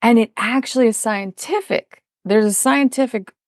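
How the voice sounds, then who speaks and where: A woman's voice: on the high side, normal speed, no echo, clean studio sound. A middle-aged woman, a parenting coach and podcast guest, talking in an emphatic, explanatory way in a conversational interview. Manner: emphatic, explanatory, acts out quoted voices.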